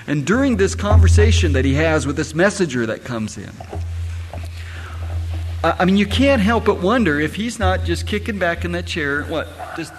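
A man's voice: high-pitched, animated, moderate pace, soft background music. A middle-aged man, a pastor, preaching a sermon and firing rhetorical questions at his congregation. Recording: echoey hall, faint ambience.

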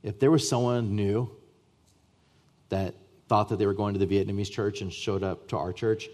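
A man pastor preaching a sermon to his church, emphatic, with repeated starts and swings between loud and soft. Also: fairly low pitch, fairly even intonation, normal speed. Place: church sanctuary.

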